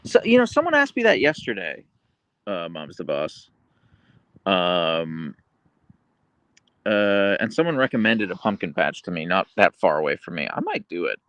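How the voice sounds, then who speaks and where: A man hosting a casual livestream, reading viewer comments aloud and chatting about his dogs, slipping into a high cooing voice for his pet. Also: huge pitch swings, normal speed, pauses often, fairly bright tone, no echo. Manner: goes high and cooing when talking to his dog. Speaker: livestream host.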